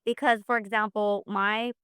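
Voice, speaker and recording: A woman's voice: medium pitch, level tone, normal speed, fairly bright tone, clear, resonant tone, no echo, clean studio sound. A middle-aged woman, a mother, telling her family's story in a podcast interview, earnest and full of faith. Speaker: guest, mother of an autistic son.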